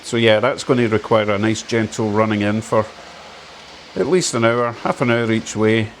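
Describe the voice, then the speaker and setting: Speaking fairly quickly in a lowish voice, with a faint hiss or hum present, this man runs a model train around the layout in his home. On his model railway channel, he chats casually and enthusiastically, poking fun at himself.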